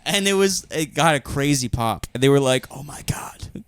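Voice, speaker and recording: A young man co-hosting a casual podcast, deadpan and dry, breaking into laughter as he tells stories. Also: medium pitch, normal speed, smooth. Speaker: podcast co-host. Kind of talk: casual chat.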